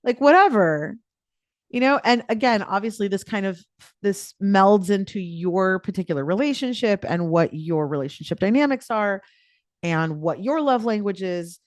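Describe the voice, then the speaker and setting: A woman's voice: mid-range voice, lively intonation, normal speed, dry recording, clean studio sound. A woman life coach giving a live online coaching talk in a chatty, playful way, with lots of filler words.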